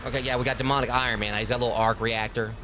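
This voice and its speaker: Man, gaming streamer, fast, joking commentary, average pitch. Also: steady tone, noisy background. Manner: jokey, talks back to game characters. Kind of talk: casual gameplay commentary.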